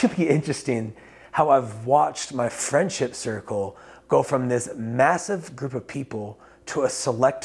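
A man's voice: medium pitch, slightly rough. A man in his thirties, a life coach, giving a casual, candid motivational talk to camera, swearing freely and turning emphatic.

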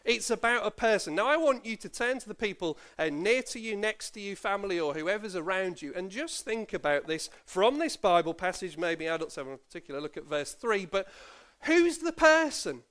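Lively man preaching a sermon. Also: sits high, fairly quick, hardly any pauses. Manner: lively and playful when questioning children. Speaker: pastor. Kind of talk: sermon with scripture reading. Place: church service.

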